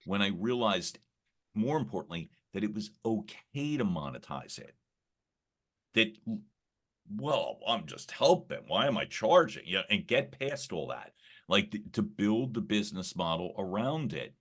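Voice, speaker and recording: A man with a very low voice that still carries a sharp, bright edge. He talks as a podcast guest in a loose, reflective way, circling back with fillers and restarts. There's a slight gravel to his early-morning voice. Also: very animated, measured pace. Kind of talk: casual conversational interview.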